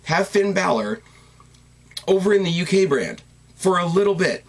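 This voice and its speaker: A man with a slightly husky voice talks through a recap in a loose, rambling way. He gets excited, trips over his words and corrects himself as he goes. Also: high voice, moderate pace. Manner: rambling, enthusiastic, self-correcting. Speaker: wrestling commentator. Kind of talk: casual recap commentary.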